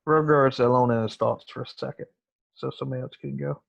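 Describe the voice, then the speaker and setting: A man playing a tabletop role-playing game, speaking quietly and hesitantly. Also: mid-range voice, fairly even intonation, fast, vocal fry, no room sound, lo-fi sound. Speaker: player.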